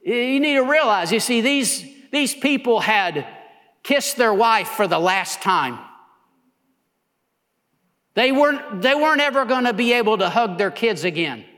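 A man preaching as a pastor, building to impassioned near shouts and then dropping low and quiet. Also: expressive, unhurried, long reverb tail. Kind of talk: sermon.

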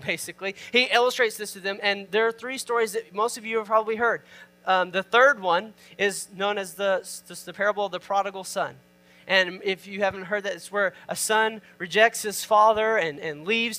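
A man with a high voice preaches a conversational sermon and keeps it informal. His tone is bright and forceful. He reads scripture out loud and stops to put questions to the listeners. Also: steady tone, moderate pace. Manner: reads scripture aloud and explains it. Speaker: pastor.

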